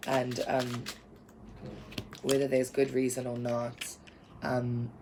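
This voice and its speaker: A woman's voice: a bass voice, monotone, slow pace, background noise. A woman giving a spiritual tarot reading to camera, rambling and earnest with lots of fillers. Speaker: tarot reader.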